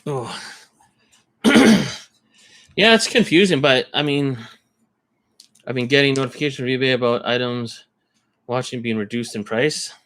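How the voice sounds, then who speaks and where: A man's voice: mid-range voice, unhurried, pauses often, a bit bright, dry recording. A man rambling in casual live-stream chat, thinking aloud as he browses card listings. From Canada.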